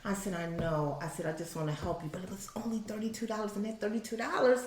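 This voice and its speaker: A woman co-hosting a faith-based podcast, chatting casually and telling animated stories. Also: medium pitch, fast talker, reverberant. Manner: animated storyteller, voices other people's lines. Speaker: podcast co-host.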